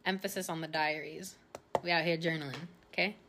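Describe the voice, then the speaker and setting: A woman's voice: sits low, fairly even intonation, brisk, noisy background. A young woman hosting her own podcast, talking casually and rambling with lots of fillers and little laughs. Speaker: podcast host. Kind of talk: casual solo podcast chat.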